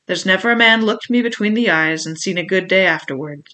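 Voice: mid-range voice, fairly quick, bright, forceful tone, close to an everyday voice. A reader voicing a scheming old male pirate cook who roars commands in sailor's slang, in an audiobook. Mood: blustering. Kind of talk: audiobook reading.

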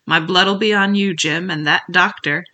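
A reader voicing a sick old male sea captain who craves rum, talking in a weak voice with rough sailor's dialect, by turns pleading and blustering. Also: medium pitch, fairly even intonation, normal speed, sharp tone, lightly acted. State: weak, feeble voice. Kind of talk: audiobook character reading.

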